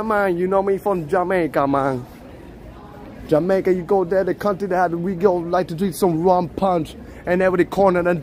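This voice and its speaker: A boastful, playfully threatening Jamaican street tough, as a man puts him on while walking a city street. The voice sits a bit high, and faint traffic noise runs behind it. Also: lightly acted.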